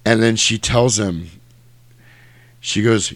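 A low-voiced man animatedly retells a film's plot in casual chat, slipping into the characters' lines. The sound is dry and close, with no room around it. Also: measured pace, vocal fry, pauses often, husky, no echo. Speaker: podcast co-host. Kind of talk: casual movie recap chat.

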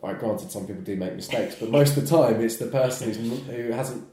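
A man hosting a casual podcast chat, relaxed and chiming in with agreement. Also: mid-range voice, a little fast. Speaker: podcast host. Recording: roomy echo.

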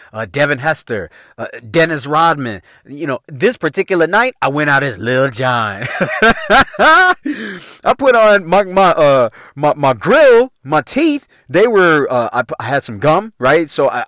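A man's voice: medium pitch, fairly bright tone, no echo, studio quality. A young man with a Chicago accent hosting a podcast, telling a comedic story in slangy, profane talk and laughing at his own jokes. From Chicago area, Illinois. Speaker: podcast host.

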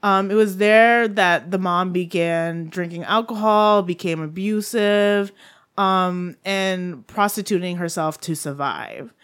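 A woman's voice: fairly low pitch, slow, a bit bright, clear, resonant tone. A woman co-hosting a casual podcast, chatty and giggly as she tells a true-crime story. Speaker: podcast co-host.

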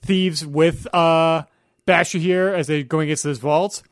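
A man's voice: a little high, steady tone, measured pace, dry recording, clean studio sound. A young man, a podcast guest, casually retelling movie scenes and acting out bits of dialogue.

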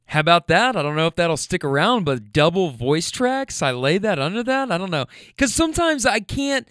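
A man from Louisville with no regional accent, telling a story in an animated, profane, self-mocking way, trailing into fillers. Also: high-pitched, normal speed, no echo, studio quality. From Louisville, Kentucky. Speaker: storyteller host. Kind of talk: casual comedic storytelling.

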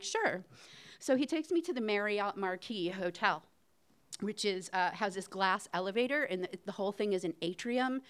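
A woman's voice: mid-range voice, smooth. A middle-aged woman telling a candid personal story on a theater stage, talking conversationally with fillers and short laughs.

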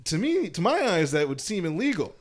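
A man's voice: high-pitched, huge pitch swings, fairly quick. A young man co-hosting a podcast, rambling and teasing in casual banter, swearing freely. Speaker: podcast co-host.

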